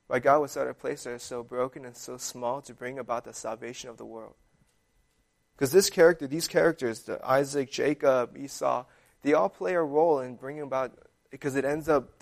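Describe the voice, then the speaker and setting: A young man preaching in a relaxed, conversational way, his talk dotted with "like" and "um." His voice is gravelly with a touch of fry and sits at an ordinary middle pitch. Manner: conversational, full of fillers like "like" and "um". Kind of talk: casual sermon.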